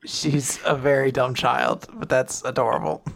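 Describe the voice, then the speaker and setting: A podcast co-host making relaxed, amused comments in casual chat. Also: mid-range voice, moderate pace, creaky.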